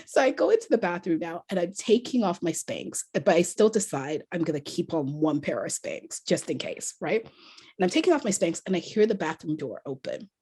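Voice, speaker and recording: A woman author and motivational speaker telling a story as a podcast guest, animated and laughing often. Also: on the low side, normal speed, breathy edge.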